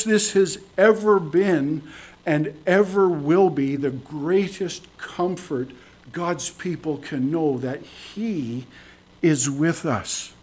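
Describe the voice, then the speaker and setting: A man preaching a sermon to his congregation, earnest, repeating phrases for emphasis and dropping from emphatic lines to hushed ones. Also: sits high. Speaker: pastor. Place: church service.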